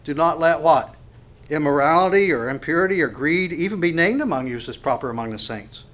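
A man preaching a sermon, swinging from hushed to loud and asking the congregation rhetorical questions. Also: fairly high pitch, lively intonation, fairly quick. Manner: acts out quoted voices. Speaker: pastor.

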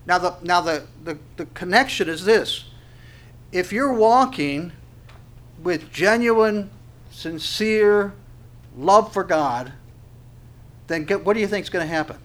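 Fairly high-voiced man preaching a sermon. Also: expressive, measured pace, pauses often, fairly bright tone. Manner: preaching with rising emphasis, rhetorical questions, frequent restarts. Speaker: pastor. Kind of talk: expository sermon.

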